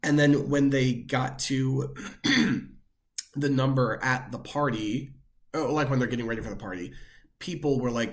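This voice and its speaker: A young man co-hosts a pop culture podcast in casual chat, his voice mid-range for a man and his pace moderate. He rambles loosely, circling back often and using lots of "like" and other filler words.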